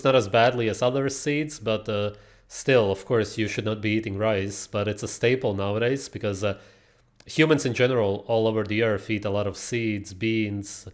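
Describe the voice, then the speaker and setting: A man commenting on clips in a casual, opinionated, lecturing way, with frequent filler sounds. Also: fairly low pitch.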